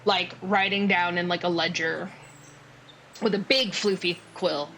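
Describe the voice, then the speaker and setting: Slow-talking woman running a tabletop game. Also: on the low side, fairly even intonation, fairly bright tone, a little hiss or hum, low-quality recording. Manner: unhurried, with many fillers and restarts. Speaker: game master.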